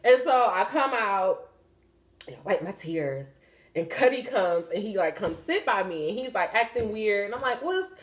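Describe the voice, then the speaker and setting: A young woman with an expressive, medium-pitched voice and moderate pace hosts a podcast about spiritual signs. She speaks candidly, rambles, swears and uses many fillers; the room sound is echoey.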